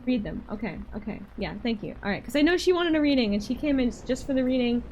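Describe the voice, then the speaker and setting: A woman with a Georgia accent chatting casually with her live-stream audience and doing tarot readings, excitable and playful. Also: on the high side, quick pace, highs cut off, faint music behind. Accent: Southern US, Georgia. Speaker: livestreamer.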